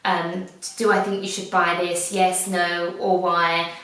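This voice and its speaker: A woman's voice: lowish voice, little pitch movement, slow, bright, forceful tone, distant mic. A woman, chatting enthusiastically through a fashion haul review, rambling with little restarts. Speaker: fashion vlogger. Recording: very echoey room, away from mic.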